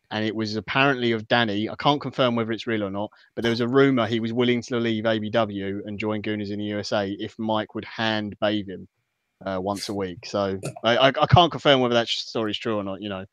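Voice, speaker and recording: A man with a low voice hosting a football podcast, joking with his guests and moving things along. His mic sounds dry and slightly muffled, with no room sound. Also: fairly even intonation, dry recording. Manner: jokey, brisk moderating, reading listener questions. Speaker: podcast host. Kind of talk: casual football podcast chat.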